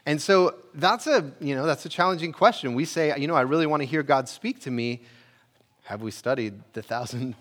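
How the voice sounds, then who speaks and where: A male pastor giving a conversational sermon, rising for emphasis on questions and dropping low and quiet on key lines.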